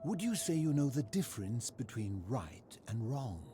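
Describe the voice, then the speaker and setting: A man's voice: medium pitch, sing-song, lightly acted. A man voicing a lonely old philosopher hermit. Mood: probing. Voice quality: measured, formal, questioning delivery. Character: lonely aging male philosopher hermit, courteous and probing. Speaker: game character. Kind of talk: video game voice acting. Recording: game audio with soundtrack music. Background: game music.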